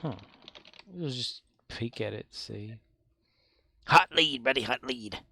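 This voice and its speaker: A man's voice: medium pitch, animated, slow pace, gravelly, sharp tone. A man streaming a video game, chatting casually with viewers in a rambling, joking way. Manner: rambling, joking, sleepy asides. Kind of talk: casual chat.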